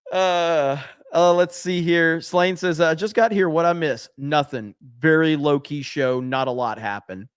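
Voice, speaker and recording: A man's voice: on the high side, moderate pace, few pauses, clean tone, no room sound, clean studio sound. Joking, profane man hosting a livestream. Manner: reads viewer messages aloud, joking and profane. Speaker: livestream host. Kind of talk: casual late-night stream chat.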